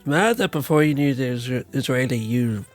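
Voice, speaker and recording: A man's voice: mid-range voice, expressive, normal speed, faint music behind. A man co-hosting a podcast, offering short dry reactions and teasing remarks. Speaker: podcast co-host. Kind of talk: casual podcast chat.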